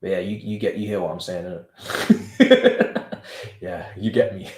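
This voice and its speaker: A man's voice: low-pitched, steady tone, measured pace, a little mellow, a little hiss or hum. A man hosting a live football watchalong, chatting casually and joking in heavy slang. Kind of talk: casual live-stream chat and match commentary. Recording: roomy echo.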